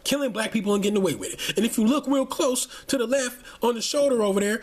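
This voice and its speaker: A man with a high, husky voice delivering angry ranting commentary. He talks heatedly and profanely, often stumbling through repeated restarts. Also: lively intonation, quick pace. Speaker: channel host.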